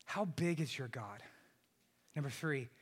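A man in his thirties preaching a sermon, swinging from shouted peaks to soft, hushed passages. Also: mid-range voice, lively intonation, a little slow, slightly rough. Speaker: pastor.

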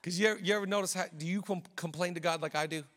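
A male pastor preaching a sermon in a church, energetic and emphatic, rallying the congregation. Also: sits high, racing, big-room sound.

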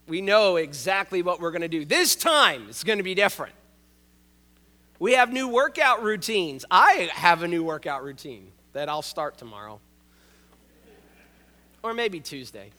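A male pastor delivers a sermon in a notably high, bright voice. He keeps it conversational and joking, and hammers his main points by repeating them. His words ring out with a long reverb, as if he were preaching in a large sanctuary.

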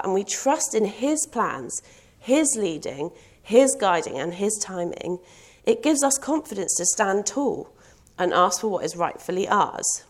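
A woman's voice: mid-range voice, big pitch swings, unhurried. A young woman preaching a sermon in an earnest, personal way, asking rhetorical questions.

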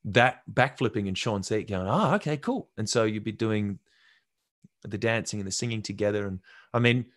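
A young actor being interviewed speaks at a moderate pace in a lowish voice, captured cleanly in a studio without echo. He tells stories casually and animatedly, acting out what other people said.

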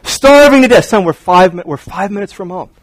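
A man's voice: sits high, expressive, brisk, voice pushed up. A man doing a wailing, starving little boy. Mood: melodramatic. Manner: loud, wailing, exaggerated. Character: whiny starving young boy, dramatic.

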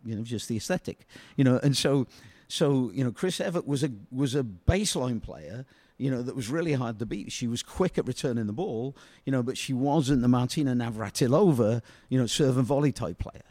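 Mellow middle-aged man, rambling. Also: medium pitch, expressive, no room sound. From Britain. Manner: rambling, fills every pause with "you know". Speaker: guest, former soccer player. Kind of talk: storytelling interview.

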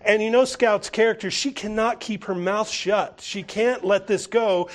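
A man's voice: sits high, steady tone, measured pace, hardly any pauses. A male pastor delivering a sermon, retelling a story with animation and occasional small restarts.

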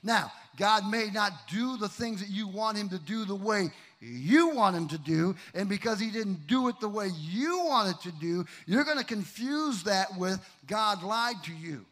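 A middle-aged man preaching a sermon, swinging from loud emphasis to hushed storytelling. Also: sits high, animated, unhurried, few pauses. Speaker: pastor.

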